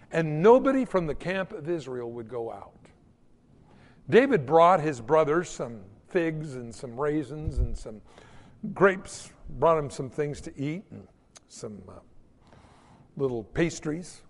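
A man delivers a sermon as animated, folksy storytelling and acts out the quotes as he goes. His voice is fairly high and swings widely in pitch. A long reverb rings out behind him, as in a big hall. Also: measured pace. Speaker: preacher.

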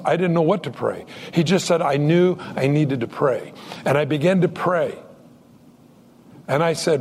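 A man's voice: a little high, big-room sound, slight background noise. A man preaching a sermon as a pastor, telling a story and acting out the dialogue. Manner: storytelling, acts out quoted dialogue.

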